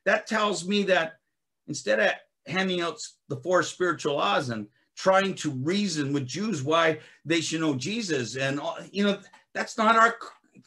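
A man preaching a sermon as a ministry director, swinging from loud emphatic bursts to quiet scripture reading, with frequent restarts. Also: sits high. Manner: restarts and filler uh often.

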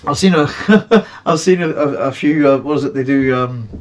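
A man's voice: fairly high pitch, moderate pace. Rambling man hosting from home. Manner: rambling, many restarts and fillers. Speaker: host. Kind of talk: casual livestream chat.

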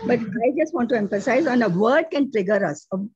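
A woman's voice: fairly high pitch, animated, a little fast, darkish tone, slightly rough, no room sound, highs cut off. Earnest woman telling a testimony. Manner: earnest, storytelling with frequent restarts. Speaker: participant sharing a testimony. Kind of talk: casual testimony in a prayer group.

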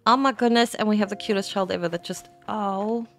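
A woman gaming streamer with a medium-pitched voice speaks a little fast. Faint game music plays behind her casual let's-play commentary, which is gushing and full of exclamations.

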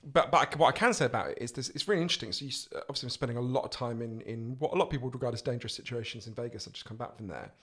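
A man with a posh English accent, a guest author telling animated, profane stories in casual podcast chat. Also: medium pitch, very fast, hardly any pauses, slightly rough. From England. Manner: animated, swearing storyteller.

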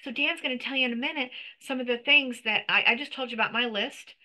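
Bright-voiced woman explaining earnestly. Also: a little high, quick pace, low-quality recording. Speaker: co-host. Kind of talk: casual faith talk.

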